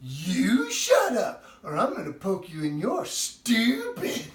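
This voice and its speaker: A man's voice: wildly swooping pitch, slow, roomy sound, recorded from a distance, heavily acted. A man voicing his little daughter as a whiny, sugar-crazed toddler girl. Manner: high, whiny, childish.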